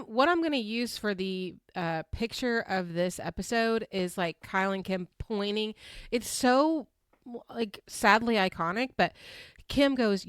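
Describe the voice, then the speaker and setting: Woman podcaster dishing on reality tv, kinda high voice, laughs a lot, dry sound. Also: smooth, no room sound. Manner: animated, laughs often, acts out quotes in shifted voices. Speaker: podcast host recapping a reality show. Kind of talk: casual chat.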